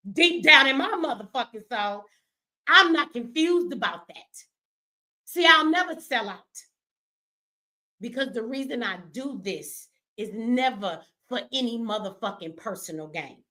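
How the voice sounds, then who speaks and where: A woman's voice: on the high side, lively intonation, unhurried, pushed and bright. A middle-aged woman, an activist host delivering an angry, profane livestream rant, tearful at times. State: crying.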